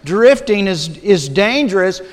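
A man preaching a sermon as a pastor, deliberate and measured, sometimes dropping to a hush. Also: high voice, big pitch swings. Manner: slow, deliberate preaching with dramatic drops to a hush. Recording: long reverb of a large hall.

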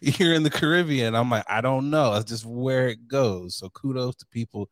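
A man hosting a laid-back podcast, talking in a joking way and breaking into laughter often. His voice sits at a middle pitch. It sounds dry, with no room echo. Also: moderate pace. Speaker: podcast host. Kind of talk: casual podcast chat.

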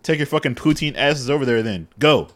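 A man co-hosting a podcast, recapping a movie with wry, dry jokes in relaxed chat. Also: mid-range voice, fairly quick. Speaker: podcast co-host.

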